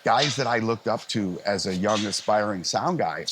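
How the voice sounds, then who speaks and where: A middle-aged man, a live sound engineer, telling lively, easygoing stories in a casual interview and acting out other people's lines. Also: lowish voice, moderate pace, background noise. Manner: animated anecdotes, acting out others' lines in a raised voice; frequent fillers and restarts, easygoing.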